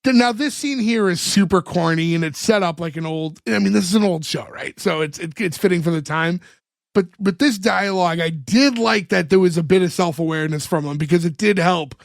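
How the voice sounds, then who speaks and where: A man's voice: high voice, fairly quick, vocal fry, dry recording, studio quality. A man co-hosting a podcast, casually recapping an episode and acting out the characters' lines. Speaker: podcast co-host.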